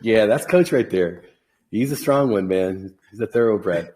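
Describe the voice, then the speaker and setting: Male podcast host, low register, casual, upbeat, jokey, encouraging, video-call sound. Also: lively intonation, measured pace, a little mellow. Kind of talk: casual chat.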